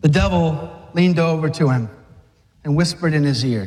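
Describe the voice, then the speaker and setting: A man's voice: a little high, moderate pace, pauses often, darkish tone. A man preaching an urgent, fiery sermon to men, exhorting them and acting out scenes. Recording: long reverb of a large hall.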